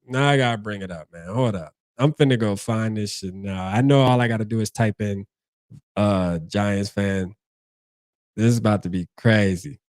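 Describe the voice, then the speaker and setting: A man's voice: lowish voice, normal speed, darkish tone, no echo, studio quality. A man hosting a casual sports fan stream, talking in a laid-back, slangy way. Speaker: sports channel host.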